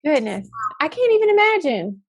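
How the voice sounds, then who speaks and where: A woman co-hosting a casual chat, good-humored and quick to banter back. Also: high-pitched, sing-song. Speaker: podcast co-host.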